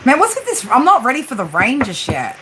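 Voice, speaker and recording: A woman's voice: sits high, fairly quick, heavy background noise. An Australian woman in her forties chatting casually on a livestream as a tarot reader, joking and tagging her sentences with "right?". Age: 40s. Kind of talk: casual live-stream chat. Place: room with a flat roof. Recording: steady rain drumming behind her. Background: rain on the roof.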